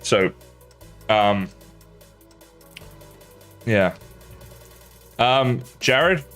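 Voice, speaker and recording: A man's voice: medium pitch, expressive, very slow, fairly bright tone, soft background music. An English man with a slight Australian tinge, chatting casually and rambling to viewers while he plays a game on a livestream. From England.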